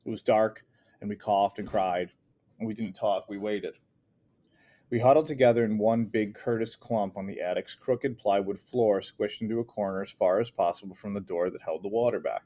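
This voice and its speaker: Male audiobook narrator, low register, earnest first-person reading. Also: moderate pace, dark tone.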